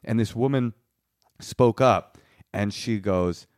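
A man's voice: on the low side, slow pace, long pauses, a little mellow, no echo. A man co-hosting a comedy podcast, telling stories in a playful, teasing, casual way into a studio mic.

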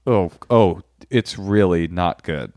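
A man's voice: deep voice, slow, very noisy. A man co-hosting a podcast, reading listener emails aloud in a crude, wry, playful way. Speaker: podcast co-host.

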